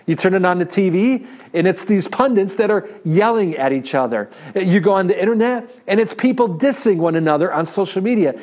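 A man in his thirties with a New York accent, preaching a sermon and telling a story in an animated way, often checking in with the congregation. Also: high voice, brisk, few pauses. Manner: animated, talks to the audience with "right?". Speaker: pastor.

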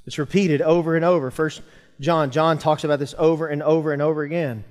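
Male pastor, sermon, slightly high voice, emphatic delivery, long church reverb. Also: fairly even intonation, fairly quick, darkish tone. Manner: preaching with rising emphasis and calls to the congregation. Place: church sanctuary.

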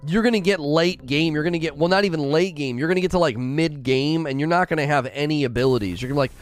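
A man's voice: a little high, fast talker, soft background music. A man hosting a casual gaming live stream, talking in a rambling way and often repeating himself.

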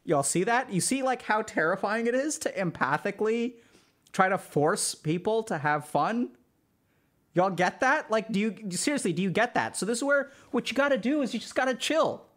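Male streamer, higher-pitched, relaxed lecturing tone, chatty filler-heavy delivery. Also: moderate pace. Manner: loose and conversational, heavy use of "like". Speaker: streamer teaching social skills. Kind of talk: casual spoken lecture to a live chat.

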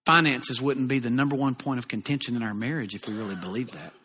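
A man from Alabama with a Southern accent, preaching a sermon in a folksy, animated, jokey way. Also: mid-range voice, fast, slight background noise. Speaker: pastor. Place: church auditorium. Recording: long reverb of a large church hall.

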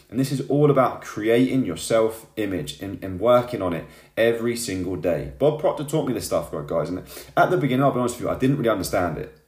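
A motivational vlogger talks straight to camera in an echoey room, his medium-pitched voice slightly mellow. He's fired up, ending his lines with "yeah?" and "right?"

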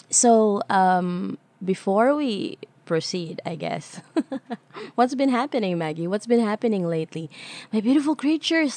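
A woman hosting a casual solo podcast, bubbly and rambling, chatting warmly to her listeners and asking herself their questions. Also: fairly low pitch, no echo. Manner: bubbly, rambling, talks to listeners as "beautiful creatures". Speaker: podcast host.

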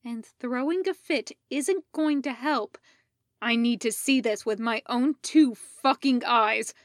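A woman voicing an angry young male clone soldier who shouts harshly and demands answers. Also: on the high side, takes it slowly. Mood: furious.

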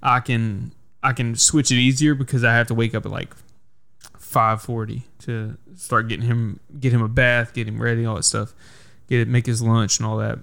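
A man's voice: mid-range voice, flat delivery, moderate pace, vocal fry, a bit bright. A young man hosts a laid-back podcast in an ordinary mid-range voice. He tells his stories with heat and plenty of swearing, and he talks like he's among friends. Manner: profane, heated storytelling. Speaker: podcast host. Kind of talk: casual podcast chat.

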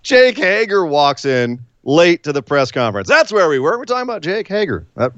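A man's voice: fairly high pitch, very animated, normal speed, fairly bright tone, dry recording, lo-fi sound. A man hosting a casual chat, recapping events in a rambling, wry way. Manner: rambling, wry, throws in silly voices. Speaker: podcast host.

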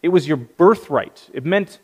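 Male preacher, slightly high voice, anecdotal sermon with gentle humor, long hall reverb. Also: expressive, unhurried, breathy edge. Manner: storytelling with light humor. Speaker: pastor.

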